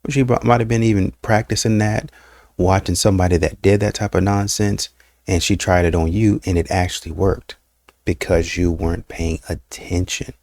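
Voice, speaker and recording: A man's voice: sits low, fairly even intonation, moderate pace, a little mellow, dry recording, clean studio sound. A man hosting a reaction show, giving blunt, scolding commentary with repeated rhetorical questions. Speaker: reaction channel host. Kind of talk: casual commentary on clips.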